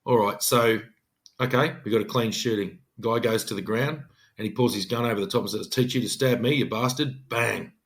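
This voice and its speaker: A middle-aged man with an Australian accent, speaking at an ordinary mid pitch. He tells an emphatic, earnest podcast story as a police detective sergeant, often acting out what he said back then. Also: a little fast. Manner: earnest, emphatic, acts out his own quoted speech.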